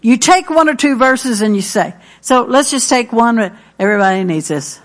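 A woman's voice: a little high, lively intonation, moderate pace. A middle-aged woman preaching a sermon, earnest and emphatic, repeating her key phrases.

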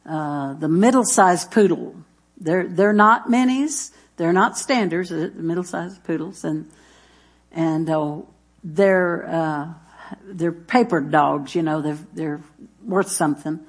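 A woman preaching in a church, chatty and folksy, telling homey stories and reading scripture between laughs. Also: on the low side. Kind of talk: sermon with jokes and scripture reading.

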